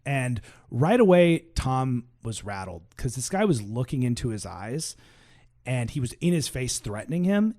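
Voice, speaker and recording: A man co-hosting a podcast, spinning a long true story in casual chat. He is animated and full of asides, acting out the people he quotes, and he sinks his voice low and hushed when the story turns tense. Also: moderate pace. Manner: animated, acts out quoted voices, frequent "like" and "right?". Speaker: podcast co-host telling a story. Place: podcast recording.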